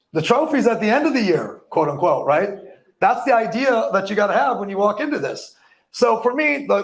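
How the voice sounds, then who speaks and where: A man giving a live motivational talk to an audience, hyped and profane, tripping over words now and then. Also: high-pitched. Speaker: motivational speaker.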